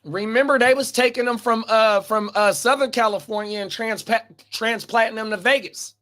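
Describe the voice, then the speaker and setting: A man's voice: high voice, normal speed, a bit bright. A man co-hosting a casual podcast, talking bluntly in slang and reading viewer comments aloud. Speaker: co-host.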